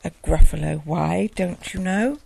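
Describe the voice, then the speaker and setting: A woman's voice: on the low side, unhurried, vocal fry, mellow, breathy edge, no echo, full character voice. Clever little mouse, read by a woman. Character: small clever boastful male mouse.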